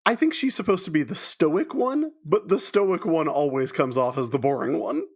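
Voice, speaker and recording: A man's voice: on the high side, expressive, normal speed, husky. A man co-hosting a podcast, chatting casually with sarcastic jokes. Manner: sarcastic, joking. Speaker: podcast co-host. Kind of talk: casual chat.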